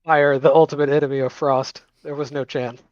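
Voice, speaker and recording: A man's voice: medium pitch, flat delivery, brisk, a little mellow, dry recording. Guy playing a tabletop rpg, dry jokey quips, dull dry mic. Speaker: player. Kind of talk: tabletop game play, casual.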